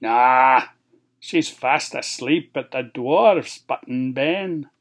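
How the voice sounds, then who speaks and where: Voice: mid-range voice, drawn-out words. A Scottish storyteller voicing a blunt, teasing magic mirror in a storybook tale.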